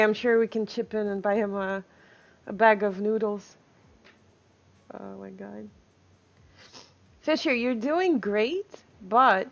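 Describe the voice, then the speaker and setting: A woman's voice: medium pitch, highs cut off. A woman streaming live, chatting casually with viewers, reading chat aloud and laughing often.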